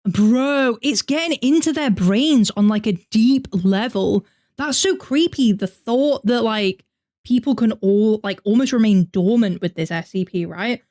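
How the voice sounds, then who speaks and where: A woman's voice: a little high, a little slow, warm tone. A young woman with a northern English accent, chatting animatedly on a live reaction stream and answering her chat. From north of England. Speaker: VTuber streamer.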